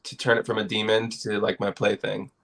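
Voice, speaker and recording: A man's voice: fairly low pitch, little pitch movement, fairly quick, creaky, fairly bright tone. A man in casual podcast conversation, telling stories in a laid-back, profane way with frequent laughs.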